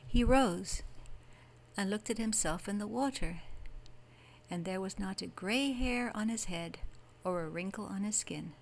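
A woman narrating a fairy tale audiobook as a bedtime story, with soft, even delivery. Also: medium pitch, measured pace, gravelly, a little hiss or hum, poor audio.

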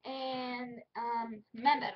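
A woman with a high, bright pitch, chatting in a giggly, scatterbrained way to her viewers. The audio is dull and lo-fi. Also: little pitch movement, takes it slowly. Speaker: YouTuber. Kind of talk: casual vlog chat.

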